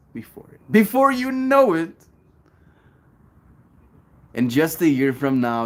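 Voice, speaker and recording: A young man chatting casually on his daily livestream, musing and reading encouraging lines aloud slowly. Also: lowish voice. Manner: relaxed, musing, reads affirmations aloud slowly. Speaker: daily streamer.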